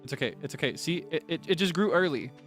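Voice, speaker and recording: Young man, streamer, casual gameplay chat, fairly high voice, laughs a lot, theatrical frustration, faint background music. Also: lively intonation, fast talker, a bit bright. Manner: chatty, laughs often, dramatic outbursts of frustration.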